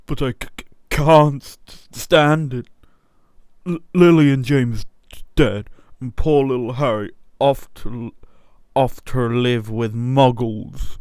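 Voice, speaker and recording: A man's voice: on the low side, slow pace, no echo. A man doing a stammering, sobbing giant. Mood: grief-stricken. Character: big tearful half-giant man, soft-hearted.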